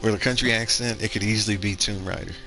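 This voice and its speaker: Bright-voiced man musing over gameplay. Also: lowish voice, steady tone, fast, soft background music. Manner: rambling, thinks aloud with fillers and restarts. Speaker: gaming streamer. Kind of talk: casual gameplay commentary.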